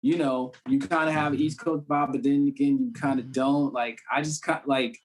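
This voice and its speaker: A man's voice: mid-range voice, steady tone, normal speed, a little hiss or hum. A man from the Cambridge area, a guest actor in a casual conversation, talking loosely with many "you know what I'm saying" fillers. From Cambridge, Massachusetts.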